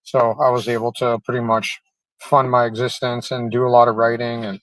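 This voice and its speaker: A comedian guest telling a long casual story, rambling with constant "like" fillers. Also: male voice, mid-range voice, little pitch movement, brisk, a bit bright, no echo, rough recording.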